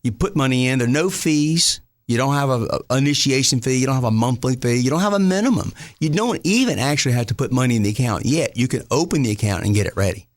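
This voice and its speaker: A middle-aged man talks as an interview guest, his pitch rising and falling lively as he lays things out step by step. His manner is folksy and plain-spoken, with quick self-corrections along the way. The sound is dry and close, with no room ring. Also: no echo. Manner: folksy, plain-spoken explainer who corrects himself mid-sentence. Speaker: state treasurer, interview guest. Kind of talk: explanatory interview talk.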